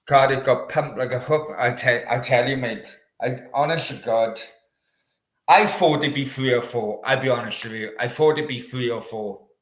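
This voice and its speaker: A man's voice: medium pitch, normal speed, fairly bright tone, roomy sound. A man hosting a casual live chat with viewers, chatty and rambling. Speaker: host. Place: room in Australia.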